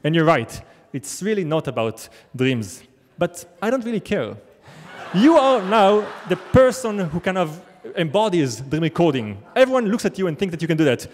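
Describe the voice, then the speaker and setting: A man's voice: high voice, big pitch swings, moderate pace, darkish tone, long reverb tail. A man playing an eager, persuasive male film director, raising his voice as he quotes him in a live story.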